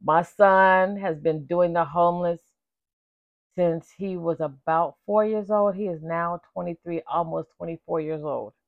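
A woman in her forties talks to her viewers in a lively, chatty way, calling them "baby" and "y'all." Her voice sits a little low and is going slightly hoarse. The recording is dull, lo-fi and dry. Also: unhurried, no room sound. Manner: animated, chatty, calls listeners "baby" and "y'all". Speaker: vlogger. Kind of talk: casual chat to viewers.

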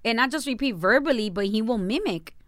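A woman's voice: fairly high pitch, lively intonation, fairly quick, a bit bright, no echo, clean studio sound. A woman in casual chat, animatedly telling a story with lots of fillers and acted-out quotes. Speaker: podcast co-host telling a story.

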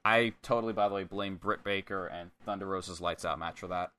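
A man co-hosting a podcast, chatting casually about a wrestling match, animated and swearing freely as he acts out what people said. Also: deep voice, fairly quick, smooth. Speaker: podcast co-host. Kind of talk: casual wrestling review chat.

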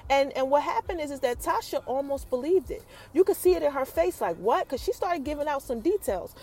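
A woman with a high voice hosts a podcast and recaps a TV episode. She talks directly to her listeners in a loose, conversational way. Her pitch swings widely as she tells the story. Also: lively intonation, darkish tone. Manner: chatty, addresses listeners directly, retells scenes in quick asides. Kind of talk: casual recap monologue.

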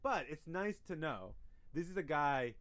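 A man's voice: fairly high pitch, very animated, measured pace, fairly bright tone, no room sound. A man co-hosting a casual sports podcast, talking through minor-league stats and often restarting his sentences. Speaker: podcast co-host.

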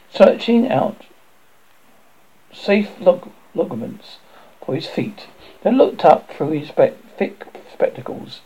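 A man narrating a novel aloud with an animated delivery, with slips he corrects as he goes. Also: fairly high pitch, vocal fry, slightly rough. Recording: dull lo-fi recording.

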